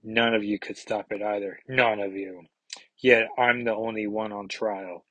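A man's voice: on the low side, flat delivery, measured pace, pushed and bright, dry recording, rough recording. A man reading aloud the lines of a defiant young psychic woman on trial from a comic. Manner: plain read-aloud delivery.

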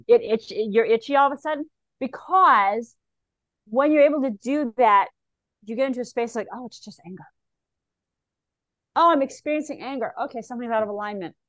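A woman, a psychic medium, talking in an interview, animated and slipping into the voices of the people she describes. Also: a little high, no room sound, muffled recording. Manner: animated, acts out clients' voices in quotes. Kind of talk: conversational interview talk.

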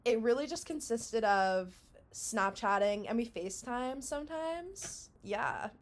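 A young woman from Canada co-hosting a podcast in casual chat, self-mocking and quick to laugh. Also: a little high, lively intonation. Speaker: podcast co-host.

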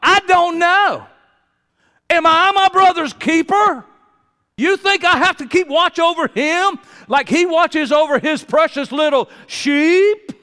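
Bitter, sarcastic Cain, as a male preacher puts him on, high-pitched and sneering, echoing in a big reverberant hall. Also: slow, bright, forceful tone, exaggerated voice. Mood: sarcastic, scornful. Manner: mocking, sneering questions. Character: sarcastic bitter biblical man Cain, resentful and scornful.

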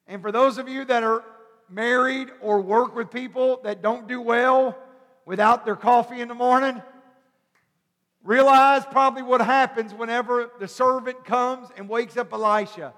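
Male preacher, really high voice, acts out the story then gets loud, big reverby hall. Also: fairly even intonation, moderate pace. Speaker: pastor. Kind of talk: sermon.

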